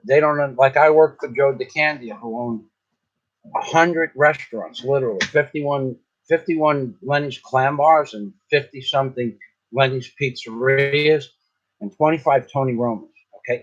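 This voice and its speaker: A man's voice: mid-range voice, muffled recording. A man telling a rambling, indignant story in a casual vlog, often restarting his sentences. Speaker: vlogger. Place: in the Philippines.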